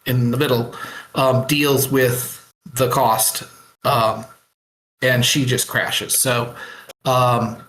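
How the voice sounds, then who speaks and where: A man talking casually on a voice call, recapping his writing with many fillers and pauses. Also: medium pitch, little pitch movement, a bit bright, reverberant, rough recording. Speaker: writer sharing his work. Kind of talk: casual online chat. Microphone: computer mic on a voice call.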